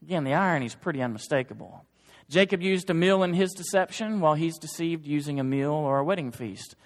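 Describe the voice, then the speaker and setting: A man preaching a sermon to his church in an earnest, emphatic way that builds to forceful exhortation. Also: on the high side, fast talker, in a large hall. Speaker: pastor. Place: church sanctuary.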